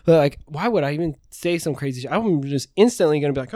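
A man's voice: fairly high pitch, lively intonation, quick pace, mellow, no echo, studio quality. A man co-hosting a casual podcast chat, rambling and teasing with plenty of swearing. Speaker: podcast co-host.

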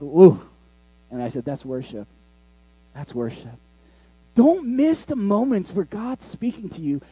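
High-pitched guy preaching, chatty and jokey, mellow tone, dry sound. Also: no room sound. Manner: conversational and joking, with laughing asides. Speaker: pastor. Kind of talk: sermon. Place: school cafetorium used as a church.

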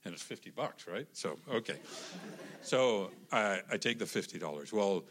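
A man telling a personal story in a casual, animated way, with lots of restarts and acted-out quotes. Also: on the low side, normal speed. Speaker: guest telling his love story.

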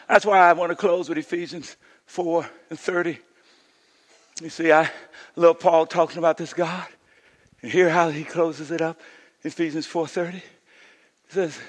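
A middle-aged male pastor preaching a sermon, calling on the congregation to answer back, swinging between shouted climaxes and hushed passages. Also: a little high, in a large hall.

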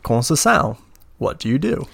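A man acting as game master, narrating a tabletop role-playing game in a relaxed way full of "like" and "uh". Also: medium pitch, moderate pace, creaky. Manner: relaxed, filler-heavy narration with many "like" and "uh".

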